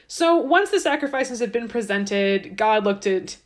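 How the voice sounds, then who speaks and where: A woman's voice: on the high side, animated, measured pace. Casting: a woman host, chatty and irreverent, full of sarcastic asides. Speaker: podcast host. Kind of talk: casual irreverent storytelling.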